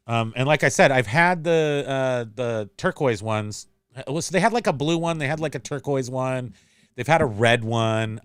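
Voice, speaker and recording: A man's voice: medium pitch, smooth, dry recording, studio quality. A man hosting a livestream in a casual, rambling chat, reading out and answering viewer comments. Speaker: livestream host.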